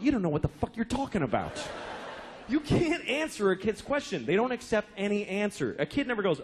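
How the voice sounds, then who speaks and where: Male comic, 40s, high and very animated delivery, profane exasperated rant. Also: fairly quick, background noise. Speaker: stand-up comedian. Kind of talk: stand-up comedy routine.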